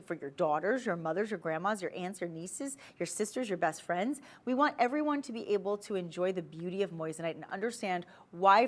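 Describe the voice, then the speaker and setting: A woman hosting a TV shopping show, chatty and persuasive, talking straight to the viewers as she sells jewelry. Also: lowish voice. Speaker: shopping channel host. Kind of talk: TV shopping sales pitch.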